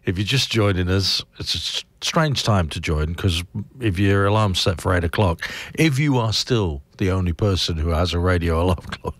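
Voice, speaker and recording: A man's voice: lowish voice, gravelly, dry recording. A man presenting a morning radio show, rambling casually with chuckles and self-mocking asides. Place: radio studio.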